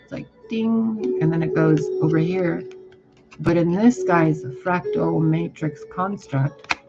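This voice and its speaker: A man's voice: fairly high pitch, slow pace. A man giving a casual tarot reading, blunt, profane and exasperated. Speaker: tarot reader. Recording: muffled, with music behind. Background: music.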